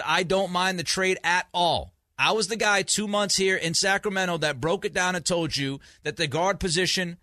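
A grumpy, sleep-short man hosts sports talk radio with a bright, forceful tone. He is emphatic, keeps restarting and repeating himself, and sits on a dry, close studio mic. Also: on the high side, dry recording.

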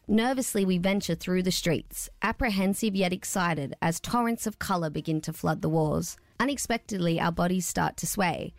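A woman, a radio producer, reading her own story aloud with a careful, expressive delivery. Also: lowish voice, gravelly, dry recording.

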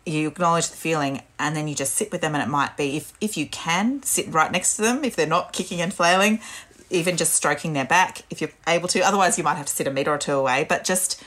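A woman, calmly explaining parenting advice in a casual chat. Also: deep voice, quick pace. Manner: calm, gentle and explanatory. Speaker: parenting podcast guest.

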